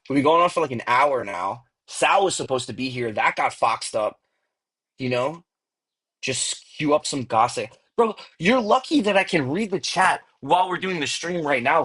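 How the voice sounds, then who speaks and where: A man's voice: a little high, fairly bright tone, breathy edge. A man hosting a casual livestream, rambling in slang and saying "bro" often, talking through earbuds. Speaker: livestream host. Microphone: earbuds mic.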